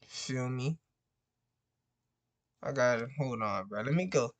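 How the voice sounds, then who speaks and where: Slow-talking, venting man vlogger. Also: mid-range voice. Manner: frustrated, repetitive, peppers every phrase with "bro". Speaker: real estate wholesaler vlogger. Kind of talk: casual profane venting to camera.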